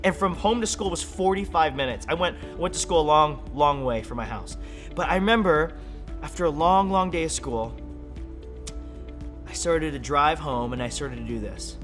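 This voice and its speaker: A young man giving an energetic, playful sermon for children, full of jokes and acted-out voices. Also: a little high, normal speed, faint music behind. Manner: playful, animated, acts out silly voices and laughs. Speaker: kids ministry speaker.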